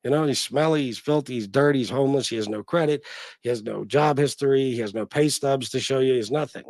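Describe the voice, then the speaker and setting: Blunt, profane livestream host, dry close sound. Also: male voice, mid-range voice, quick pace, darkish tone, dry recording. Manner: blunt, profane, rambling with fillers. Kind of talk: casual livestream chat.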